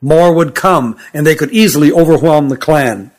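A man's voice: fairly high pitch, normal speed, natural voice. Narrator doing sturdy young fugitive, urgent, secretive, near his own voice, storybook. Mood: fearful urgency. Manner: urgent, hushed, pleading. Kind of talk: audiobook character voice.

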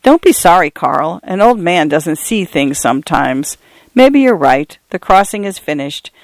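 A gentle, wistful old pioneer grandfather , as a man narrator puts him on, speaking slowly and softly. Audiobook reading, dry and close. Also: on the high side, sing-song, gravelly, dry recording, heavily acted. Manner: gentle, slow.

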